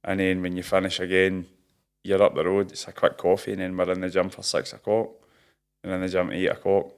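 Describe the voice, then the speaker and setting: A man's voice: sits low, monotone, a little fast, clean tone. A Scottish man in his thirties, a professional boxer, chatting casually in an interview and telling stories with broad slang and laughs at himself. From Scotland. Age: 30s.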